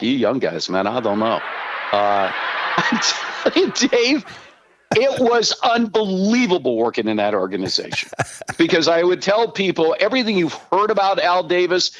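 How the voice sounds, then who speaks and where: Brief: man in his 60s, guest storyteller, cursing freely, somewhat high voice, dry close sound. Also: moderate pace, dry recording, highs cut off. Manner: animated, profane anecdotes. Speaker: podcast guest, former team spokesman. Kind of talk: storytelling in casual talk.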